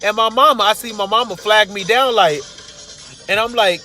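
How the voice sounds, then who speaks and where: A man's voice: high-pitched, moderate pace, faint music behind. A man casually telling a funny personal story and acting out the people in it. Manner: casual and animated, acting out the quotes.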